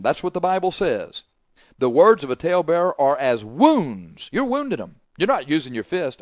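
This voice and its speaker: A man preaching a sermon, scolding forcefully and swinging between loud emphasis and quiet asides. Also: fairly high pitch, sing-song, normal speed, dry recording.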